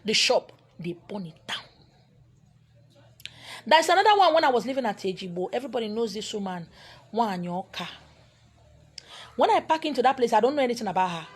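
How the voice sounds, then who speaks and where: Woman, Nigerian accent, husky voice, higher pitch, animated storytelling. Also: normal speed, long pauses. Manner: animated, bursts into Igbo and pidgin. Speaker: spiritual teacher. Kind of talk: storytelling talk.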